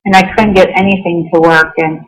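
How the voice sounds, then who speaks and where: A woman's voice: fairly low pitch, fairly even intonation, a little fast, rough recording. A woman talking as a guest on an internet radio show. She tells a personal story earnestly, acting out what she and others said and using many fillers like "you know" and "um".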